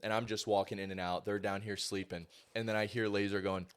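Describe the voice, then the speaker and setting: A young man in his twenties, a podcast host telling animated stories in casual chat and mimicking others. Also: fairly low pitch, fairly quick, clear, resonant tone.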